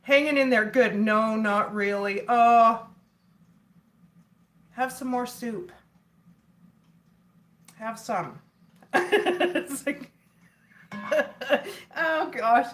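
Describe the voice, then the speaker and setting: Slow-talking giggly woman on a livestream. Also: a little high, fairly bright tone. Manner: chatty and giggly, laughs often. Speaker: livestream host chatting with viewers. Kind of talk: casual livestream chat.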